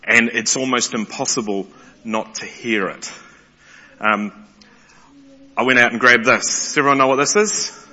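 A man preaching a sermon, animated and excitable, often restarting his words. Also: medium pitch. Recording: muffled sound in a large reverberant hall.

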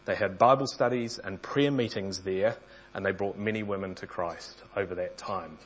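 A man's voice: deep voice, moderate pace, lo-fi sound. A man preaching a sermon in an earnest storytelling manner, sometimes restarting phrases.

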